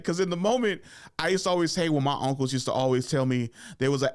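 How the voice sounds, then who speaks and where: A young man, a comedian and podcast host, telling a comic story and acting out his relatives in high, loud voices. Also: expressive, a little fast, smooth. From Oakland area, California.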